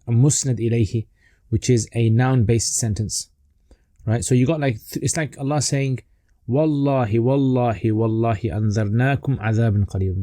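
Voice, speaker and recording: A man teaching a casual online lesson on rhetoric, explaining in a relaxed way with fillers and restarts. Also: mid-range voice, dry recording, studio quality.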